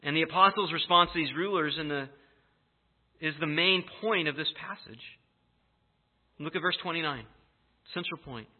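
A man with a fairly high voice preaches a sermon, telling the story in a lively, emphatic way. The sound is thin and tinny, like it was caught over a phone line. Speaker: pastor.

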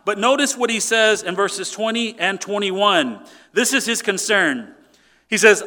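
A male pastor preaching with a bright, forceful tone and a fairly high voice. He drives points home emphatically, then drops to quiet, low asides. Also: animated, a little slow. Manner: emphatic, swings from loud to quiet. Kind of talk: sermon.

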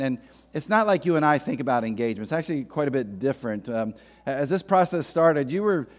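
A man's voice: fairly high pitch, darkish tone. A male pastor preaching a sermon in a conversational, joking storytelling manner.

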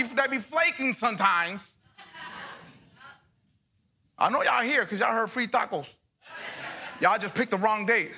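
A man's voice: sits high, animated, unhurried, vocal fry, long pauses, background noise. A middle-aged man preaching a revival sermon as a guest pastor, joking with the congregation and calling for responses. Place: church service before a congregation.

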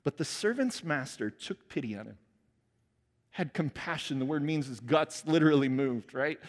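A man preaching a sermon as pastor, conversational and animated, laughing at his own asides. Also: on the high side. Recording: long hall reverb.

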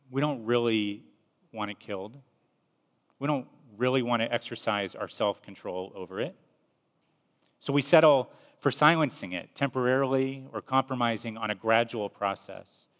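A man preaching a sermon in a measured, earnest storytelling manner. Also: mid-range voice, a bit bright. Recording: long reverb.

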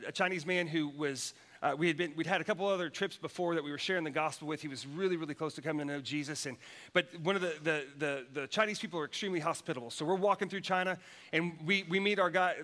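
A man's voice: fairly high pitch, fast, sharp tone. A man preaching a sermon, telling a personal story with many restarts and repeated words. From United States. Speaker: pastor.

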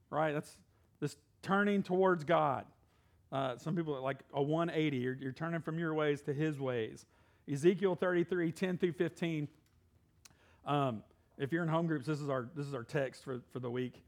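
A middle-aged man preaching in a loose, conversational way, breaking off a scripture reading to joke with the congregation. His voice sits notably high for a man. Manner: casual, conversational preaching with asides and Bible reading. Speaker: pastor. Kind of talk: sermon.

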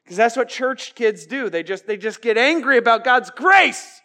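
A man preaching a lively, jokey youth sermon, calling out to his listeners for amens. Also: extremely high pitch, moderate pace. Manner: animated, jokey, calls for amens. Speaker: youth pastor.

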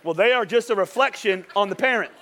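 A middle-aged male pastor preaching a lively, joking sermon in church, urging the congregation to repeat lines after him. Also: high voice, fast. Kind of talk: lively sermon with call-and-response. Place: church service before a congregation.

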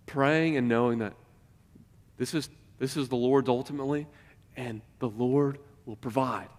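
A man's voice: mid-range voice, moderate pace, darkish tone. Preaching man in a reverberant hall. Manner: emphatic, rising and falling in volume, addresses the congregation with questions. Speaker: pastor. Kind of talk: sermon.

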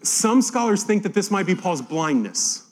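A man's voice: high voice, big pitch swings, normal speed. A man preaching a Bible-teaching sermon, reading scripture aloud and acting out the quotes with animation. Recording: long hall reverb.

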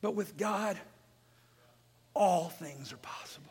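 Male pastor, very high and bright voice, emphatic preacher, long church reverb. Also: expressive, slow pace, pauses often, breathy edge. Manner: emphatic preaching, repeats phrases, rises to shouts. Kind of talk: sermon. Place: church sanctuary.

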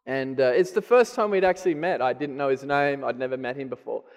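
A man's voice: medium pitch, a little fast. A middle-aged man with an Australian accent giving a candid, self-deprecating sermon testimony. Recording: long hall reverb.

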